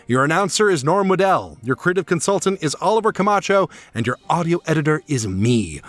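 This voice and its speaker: A man's voice: on the high side, fairly bright tone, no room sound. Laughing man hosting an opera podcast. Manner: chatty, laughs often, trails into restarts. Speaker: podcast host. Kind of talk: casual chat.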